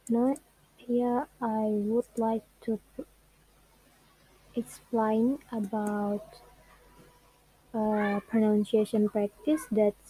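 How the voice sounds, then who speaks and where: A young Indonesian-speaking student gives a classroom presentation on English word stress, speaking carefully and haltingly and stretching out her example words. Her voice is fairly high with a dark tone. The recording is dry and low in quality.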